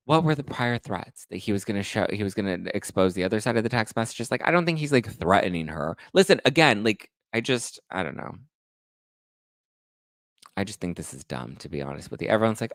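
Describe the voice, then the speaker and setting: A man hosting a podcast, gossiping about reality TV with sarcastic, animated commentary and mocking high-pitched quotes. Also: a little fast, no room sound, studio quality. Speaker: podcast host.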